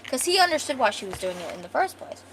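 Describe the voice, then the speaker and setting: Woman with a gravelly voice retelling her comic. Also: high-pitched, very animated, quick pace, noisy background. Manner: loose, rambling retelling with many "like"s. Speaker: streamer. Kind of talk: casual storytelling about her comic.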